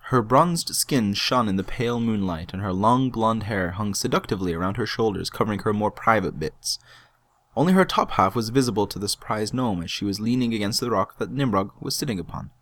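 Low-voiced man narrating a story. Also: animated, brisk, a bit bright.

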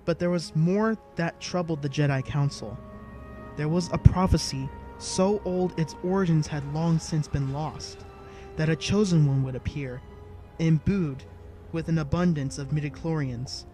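A man reading a story aloud in an even, measured narration style. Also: fairly high pitch. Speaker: audiobook narrator. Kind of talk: scripted narration.

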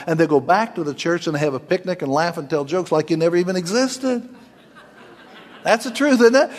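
A man's voice: on the high side, in a large hall. A man in his sixties preaching a sermon as pastor, folksy and joking, with homespun asides. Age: 60s.

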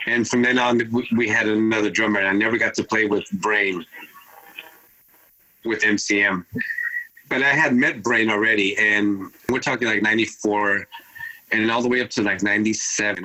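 Man, 50s, turntablist guest, low voice with a forceful edge, loose rambling storyteller. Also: rough recording. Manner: rambling, animated retelling with acted-out quotes. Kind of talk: casual storytelling.

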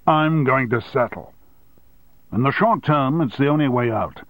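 A man reading an audiobook and voicing a blustering, domineering male newspaper owner who talks loudly and impatiently. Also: a little slow, no room sound, lightly acted. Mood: forceful. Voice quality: loud, booming. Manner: bullying, impatient.

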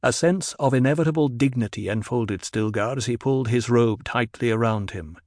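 A man's voice: medium pitch, a little fast, a little mellow, dry recording, clean studio sound. Man reading an audiobook narration.

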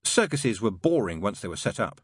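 A middle-aged man reading a story aloud in an expressive, playful storytelling manner. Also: fairly low pitch, fairly quick, slightly rough, dry recording, studio quality. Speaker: audiobook narrator. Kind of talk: scripted audiobook narration.

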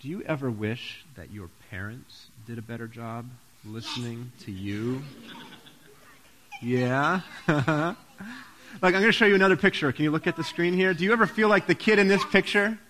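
A man's voice: fairly high pitch, normal speed, a bit bright, a little hiss or hum. A man giving a playful children's sermon, asking the kids questions and joking with them. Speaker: pastor.

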